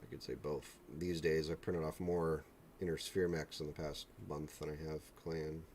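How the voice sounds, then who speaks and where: Very deep-voiced man chatting casually. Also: flat delivery, moderate pace, a little mellow, a little hiss or hum. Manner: rambling, joking, self-deprecating asides. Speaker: live stream host. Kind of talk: casual chat while painting miniatures. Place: home hobby room with a printer and air purifier.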